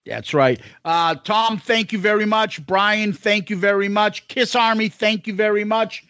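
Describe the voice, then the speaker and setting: A man's voice: high-pitched, a little slow, bright, forceful tone, no room sound. A man co-hosting a podcast in loose, rambling casual chat full of fillers. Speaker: podcast co-host.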